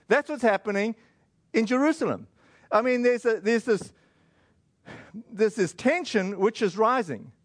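A man, giving a casual, conversational sermon that retells a scripture story, with fillers and quick acted asides. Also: high-pitched, no room sound. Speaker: preacher.

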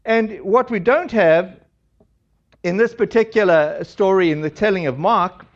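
A man's voice: sits high, a little slow, lo-fi sound. A man preaching a sermon in a casual, chatty way, retelling a scripture passage with frequent asides. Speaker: pastor. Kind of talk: conversational sermon.

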